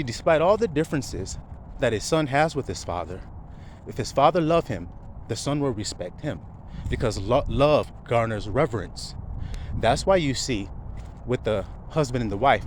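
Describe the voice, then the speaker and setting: A man's voice: medium pitch, background noise. A man preaching a sermon to his flock, asking rhetorical questions and chuckling often.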